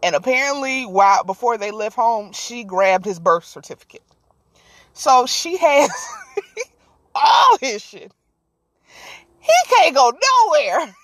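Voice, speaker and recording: Woman, podcast host, slangy storyteller, fairly high voice, dry recording. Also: slow pace, pauses often, no room sound. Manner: animated, slangy, laughing often.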